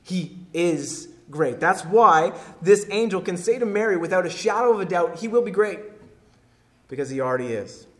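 An emphatic male pastor delivering a sermon, hammering points home by repeating them. His voice sits a touch higher than most men's. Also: animated, moderate pace. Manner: emphatic, repeats key phrases.

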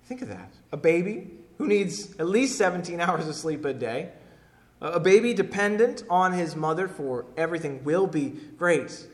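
An emphatic male pastor delivering a sermon, hammering points home by repeating them. His voice sits a touch higher than most men's. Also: lively intonation, normal speed. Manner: emphatic, repeats key phrases.

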